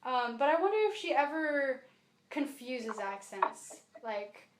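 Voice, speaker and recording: A woman co-hosting a podcast, chatting casually about a book in an animated way with lots of fillers. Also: high-pitched, a little slow, a little hiss or hum. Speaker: podcast co-host. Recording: echoey room.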